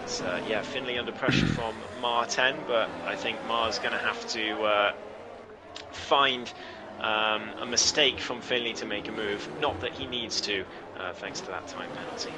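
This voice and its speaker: Guy calling a sim race, chill but gets loud when stuff happens, noisy hiss behind. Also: lowish voice, normal speed. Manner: relaxed, many fillers, rises sharply when action heats up. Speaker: sim racing commentator. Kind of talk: live race commentary.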